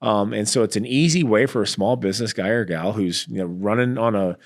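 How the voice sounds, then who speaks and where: A middle-aged man, an entrepreneur guest in a casual business interview, talking in an animated way and acting out the exchanges he describes. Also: on the low side, fairly quick. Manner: animated storyteller, acts out quoted exchanges.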